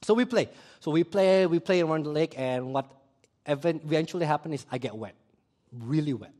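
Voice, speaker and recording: Guy preaching, tells a story, fairly high voice, keeps asking the crowd stuff. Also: a little fast. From Indonesia. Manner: animated storytelling, asks the audience questions. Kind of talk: sermon with personal story.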